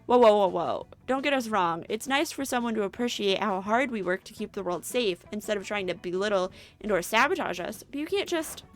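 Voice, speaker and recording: A woman's voice: medium pitch, expressive, brisk, hardly any pauses, faint music behind, natural voice. A woman voicing a prim, self-important do-gooder girl with a lecturing, indignant way of talking.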